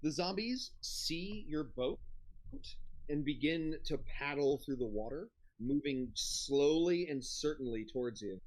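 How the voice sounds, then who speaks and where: A game master narrating a live tabletop adventure at a slow, easy pace. The delivery is relaxed, dotted with ums and little pauses while describing the scene. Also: mid-range voice, poor audio.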